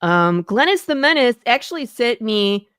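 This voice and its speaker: A woman's voice: a little high, sing-song, normal speed, fairly bright tone, smooth, no echo. Lady hosting a chill chat show, teasing and giggly, dry close mic. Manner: bubbly, teasing, laughs often. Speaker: podcast host. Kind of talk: casual chat.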